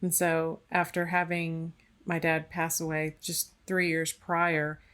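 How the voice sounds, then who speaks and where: A woman host with a slightly low voice speaks in a reflective, halting way. She pauses and restarts as she searches for the right words in a conversational interview. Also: completely flat delivery, a bit bright, clean tone. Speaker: podcast host.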